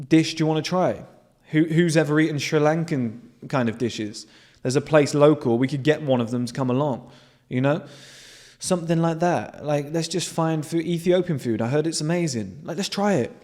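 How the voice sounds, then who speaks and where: A man with an animated manner, hosting a casual monologue to his viewers and swearing freely. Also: mid-range voice. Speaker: host.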